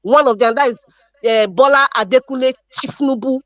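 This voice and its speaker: Nigerian woman, high and emphatic, political commentary, dry lo-fi call audio. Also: normal speed, a bit bright, no echo. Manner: emphatic, repeats herself, frequent restarts and fillers. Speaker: live stream panelist. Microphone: video call.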